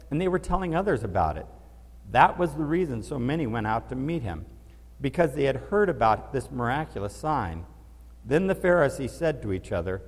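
A man preaching a sermon as a pastor, telling stories with animation and acting out the voices of the people he quotes. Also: mid-range voice. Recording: long reverb of a large hall.

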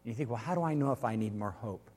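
A man preaching a sermon as pastor, swinging from loud exhortation to quiet storytelling. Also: medium pitch, lively intonation, racing. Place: church sanctuary. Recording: long reverb of a large hall.

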